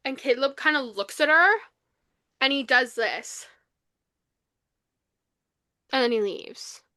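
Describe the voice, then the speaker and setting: A young woman co-hosting a podcast, recapping a novel in casual chat, animated and full of fillers, acting out the lines she quotes. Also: high voice, slow pace, dry recording. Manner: animated retelling, acts out quotes, many fillers. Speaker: podcast co-host. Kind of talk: casual book review chat.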